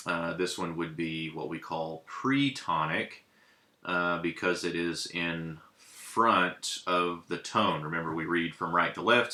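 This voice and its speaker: Male teacher, low voice with a bright edge, halting and full of fillers, echoey room. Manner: hesitant, many ums and uhs while writing. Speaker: Hebrew teacher. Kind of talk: casual classroom lesson.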